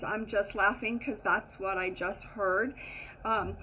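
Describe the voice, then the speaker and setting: A woman giving a casual teaching talk as a spiritual teacher, animated and acting out the inner voices she quotes. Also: mid-range voice, slow pace, a little hiss or hum, rough recording.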